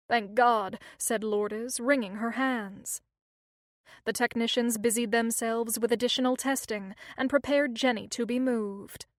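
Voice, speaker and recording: A woman narrating a thriller audiobook in a steady, measured reading. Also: a little high, no echo, clean studio sound. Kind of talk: scripted narration.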